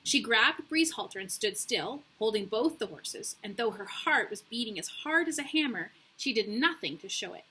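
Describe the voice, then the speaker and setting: A young woman reading a children's book aloud, relaxed and casual, catching herself on slips. Her voice sits fairly high and sounds bright, with a husky edge. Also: moderate pace, few pauses. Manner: relaxed, with slips and self-corrections. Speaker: reader.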